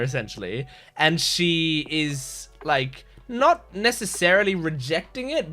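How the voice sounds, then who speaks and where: A man's voice: on the high side, bright, forceful tone. A man hosting a reaction video, giving earnest, rambling, reflective commentary in a casual way.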